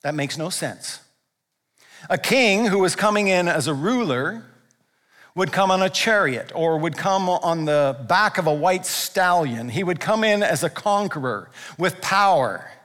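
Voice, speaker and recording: A male pastor from Canada preaching a sermon, emphatic and swinging between hushed and loud passages. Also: high-pitched, expressive, a little slow. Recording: long hall reverb.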